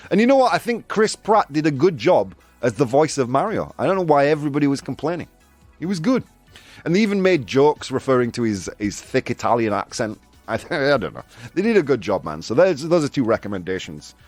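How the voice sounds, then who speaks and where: A man's voice: mid-range voice, no room sound. A man hosting a casual live-streamed news chat, jokey and chatty, laughing often between points. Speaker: show host.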